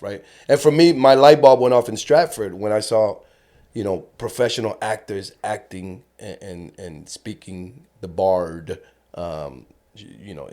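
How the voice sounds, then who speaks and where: A man with a Cuban Spanish accent and a lowish voice talks as a guest on a casual podcast. He swears freely and jumps into little acted-out bits to make his point, his delivery animated and expressive. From Cuba. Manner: animated, profane storyteller who acts out lines.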